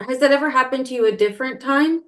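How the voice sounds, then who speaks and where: A woman's voice: high-pitched, fast. A woman co-hosting a podcast in casual chat, earnest and chatty, thinking aloud as she goes. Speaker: podcast co-host.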